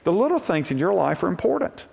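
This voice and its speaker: A man's voice: high voice, very animated, quick pace, gravelly, darkish tone. A male pastor preaching a sermon, telling homey stories and acting out the voices in them. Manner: folksy storytelling preacher, acts out voices in quotes. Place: church sanctuary. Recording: long reverb of a church hall.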